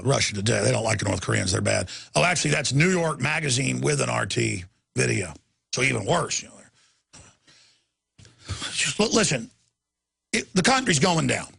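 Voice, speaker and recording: A man's voice: mid-range voice, vocal fry, fairly bright tone, husky. A man hosting a talk show, delivering an angry, impassioned rant in a heated, emphatic way.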